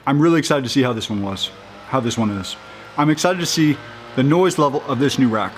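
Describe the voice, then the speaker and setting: A man's voice: medium pitch, lively intonation, a little hiss or hum. A man with an everyday mid-range voice, chatting his way through a hands-on project. He is upbeat and easygoing, and often stops, restarts and fills with "uh" as he goes. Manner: halting, with many restarts and fillers. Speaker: vlogger installing a roof rack. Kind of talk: casual how-to talk.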